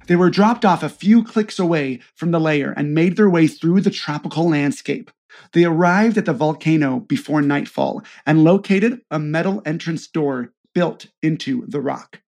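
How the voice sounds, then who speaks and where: Man narrating a spy story, creaky voice. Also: a little high, a little mellow. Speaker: podcast host.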